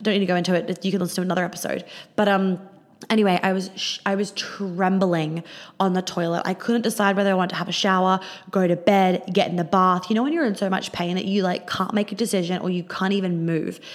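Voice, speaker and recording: A woman's voice: fairly low pitch, fairly even intonation, fast talker. A young Australian woman hosting a podcast, telling a rambling story in a casual way, swearing freely and using lots of fillers. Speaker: podcast host.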